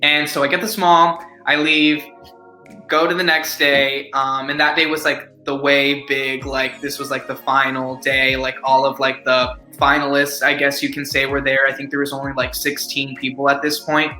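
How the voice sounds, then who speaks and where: A man's voice: medium pitch, flat delivery, normal speed, bright, forceful tone. A young man, an actor as interview guest, telling a story in a casual, rambling way with lots of fillers. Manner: rambling, filler-heavy "like", upbeat. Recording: echoey room with faint music.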